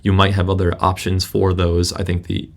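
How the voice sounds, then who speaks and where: A man teaching a software tutorial in a casual, halting way with many restarts, recorded on a laptop's built-in microphone. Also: sits low, monotone. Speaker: instructor. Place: indoor room at a laptop.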